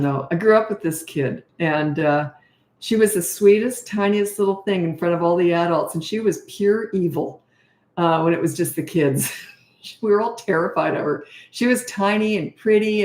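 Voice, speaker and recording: A woman's voice: on the low side, a little mellow, echoey room. A middle-aged woman, a parenting coach, chatting and rambling casually on a live-stream Q&A, self-deprecating.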